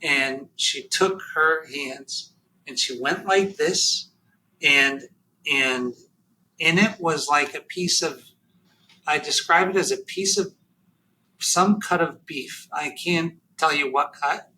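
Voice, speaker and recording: A man telling a deeply personal story as a podcast guest, halting and emotional, near tears, with many fillers and restarts. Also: bright, forceful tone, a little hiss or hum, low-quality recording.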